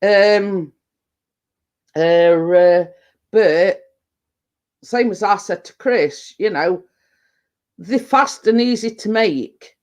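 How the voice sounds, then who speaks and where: Lady vlogging, slow and rambly, lots of ums and restarts, middle-aged. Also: mid-range voice, darkish tone. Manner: rambling, chatty storytelling with many fillers and restarts. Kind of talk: casual chat.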